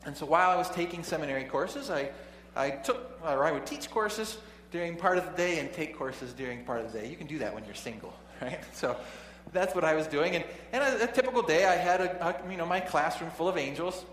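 Male preacher, higher voice, chatty storyteller with chuckling asides, roomy reverberant hall. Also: expressive, fairly quick, few pauses, a bit bright. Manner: conversational, chuckling asides, frequent restarts. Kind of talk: sermon with storytelling. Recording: echoey hall with faint hum.

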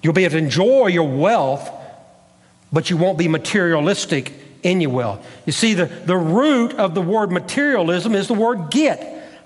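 A man's voice: high voice, expressive, moderate pace, in a large hall. A man preaching a sermon as pastor, with an emphatic, repetitive preaching cadence, recorded in a church sanctuary.

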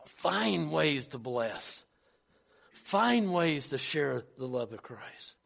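A man with a high, light voice delivers a Sunday sermon in a church. He tells his story with many restarts and climbs into fervor when he quotes a speech. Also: sing-song, drawn-out words, vocal fry, a bit bright. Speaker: preacher.

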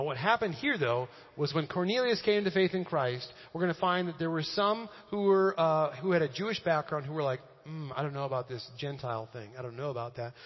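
A male pastor giving a casual, joking sermon in a church, often using fillers. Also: a little high. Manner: conversational and joking, with frequent fillers. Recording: echoey hall, dull lo-fi sound.

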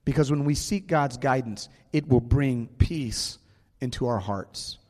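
A man preaching a sermon as pastor, earnest and slowing down to stress key words, in a church sanctuary. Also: mid-range voice, darkish tone. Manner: earnest, slows down for emphasis. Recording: long hall reverb, faint music.

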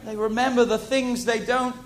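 A man preaching a sermon to a congregation, animated, repeating key phrases and asking the audience questions. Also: very high-pitched, normal speed, some chatter behind.

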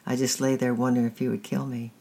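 A woman hosting a story-time reading, narrating a chapter book in a steady, measured way. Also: very deep voice, breathy edge.

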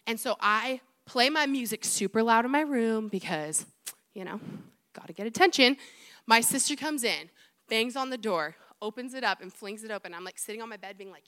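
With a fairly high voice at normal speed, the young woman assistant youth pastor preaches in an animated, chatty style. Personal stories and self-mocking asides run throughout her sermon.

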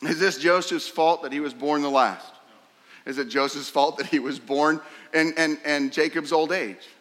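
Preacher with a reverberant hall sound. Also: male voice, fairly high pitch, fairly even intonation, moderate pace, fairly bright tone. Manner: emphatic, rhetorical questions, voice rising sharply when acting out the brothers' scorn. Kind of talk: sermon.

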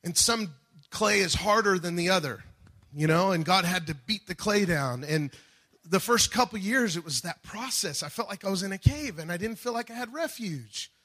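A man preaching a sermon, moving between quiet reflection and loud, emphatic calls. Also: high-pitched, lively intonation, normal speed. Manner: dynamic preaching, swings from soft to shouting. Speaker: pastor.

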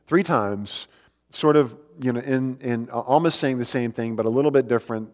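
In an echoing hall, a male pastor gives a sermon at a slightly quick pace, his medium-pitched voice carrying a darkish tone. His preaching is earnest and forceful, punctuated with rhetorical questions.

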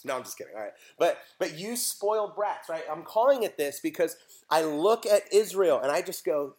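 A man, preaching a sermon and telling animated stories with acted voices. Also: a little high. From United States. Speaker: pastor.

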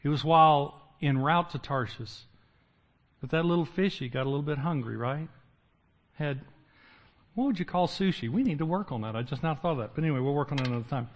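A man's voice: a little high, fairly quick. A man preaching a sermon, retelling Bible stories and acting out the characters with humor. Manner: lively, acts out biblical characters with humor. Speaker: pastor.

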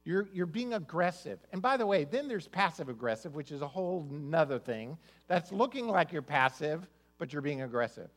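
High-voiced man preaching a sermon. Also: lively intonation, moderate pace, hardly any pauses. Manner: conversational, repeats words when starting sentences. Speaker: pastor.

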